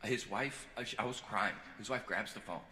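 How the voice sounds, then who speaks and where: A man performing a stand-up comedy set live on stage, moving between quiet earnest confession and loud joking banter with the crowd. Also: lowish voice, moderate pace. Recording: echoey venue with loud audience ambience.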